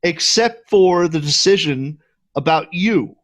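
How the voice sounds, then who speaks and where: Profane, animated male podcast co-host. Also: on the high side, slow. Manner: profane, animated retelling of scenes. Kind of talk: casual movie review chat.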